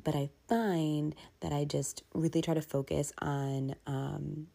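A woman's voice: sits low, little pitch movement, slow pace, gravelly, mellow. A woman in her thirties talking frankly and casually in a personal vlog as a working mother. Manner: frank, confessional, casual with fillers. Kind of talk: candid personal vlog talk.

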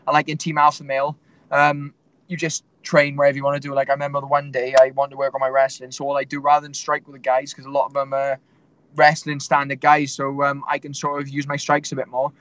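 A man's voice: mid-range voice, completely flat delivery, fast talker, a bit bright, no room sound, dull audio. A man, a fighter telling stories in a casual interview, rambling with lots of fillers. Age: 20s. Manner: rambling storytelling with many fillers. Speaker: MMA fighter guest.

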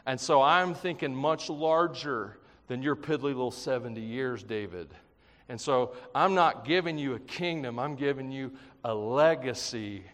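A man preaching a sermon in an animated, conversational way, mixing jokes and acted-out quotes into his teaching. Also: medium pitch, a little slow, big-room sound. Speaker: pastor.

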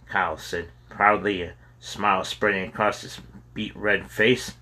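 Husky, bright-toned male storyteller. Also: low voice, a little slow. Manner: steady storytelling with occasional stumbles. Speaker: audiobook narrator. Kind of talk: storybook reading aloud.

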